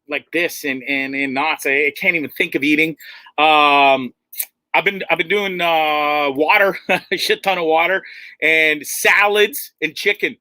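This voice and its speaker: A man's voice: a little high, pushed and bright, dry recording. A man hosting a casual livestream from inside a tour bus, rambling, swearing and laughing at himself. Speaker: livestream host.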